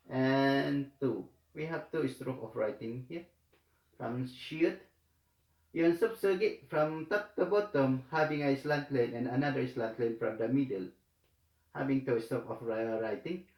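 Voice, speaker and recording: A man teaching a language lesson in a slow, halting way, with many fillers and repeated words. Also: mid-range voice. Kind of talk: slow hesitant tutorial explanation. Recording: echoey room.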